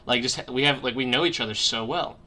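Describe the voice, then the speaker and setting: A young man with a bright, forward voice chats casually on a livestream. He rambles, swears freely and leans on fillers, talking into a webcam mic on a call from his room at home. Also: medium pitch, a little fast. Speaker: streamer podcast host. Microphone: webcam mic on a video call.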